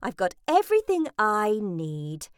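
Woman putting on a chattery mum, high and swoopy, pushy, dry close sound. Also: wildly swooping pitch, measured pace, smooth, no echo. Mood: gushing. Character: fussy, gushing middle-aged mother. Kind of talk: audiobook reading.

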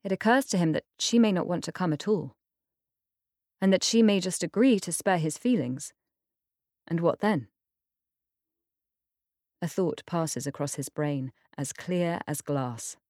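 A woman narrates an audiobook in a calm, measured way. She reads slowly, with a somewhat low voice. The recording is close and dry, with no room sound. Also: no echo. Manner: measured, unhurried storytelling. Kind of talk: scripted narration.

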